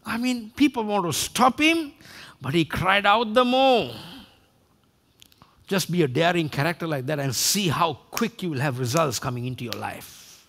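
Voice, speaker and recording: A man's voice: on the high side, animated, normal speed, gravelly, a bit bright. A man preaching a sermon emphatically, now and then acting out quoted voices. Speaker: pastor.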